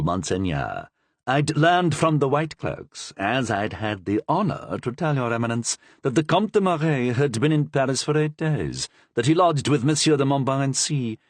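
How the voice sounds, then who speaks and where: A man's voice: medium pitch, animated, moderate pace, no room sound. A man voicing a sly, deferential male Capuchin friar in a storybook reading, talking eagerly.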